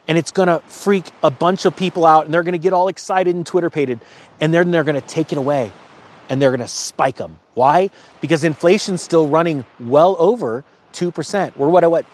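A middle-aged man hosting his own channel, talking casually and emphatically, rambling and getting emotional. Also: a little high. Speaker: channel host. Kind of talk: casual to-camera talk.

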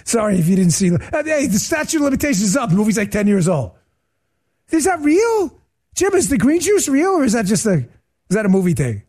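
A man hosting a political podcast, ranting in a joking, animated way and talking to his producer mid-show. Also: very high-pitched. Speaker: podcast host. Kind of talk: casual political rant.

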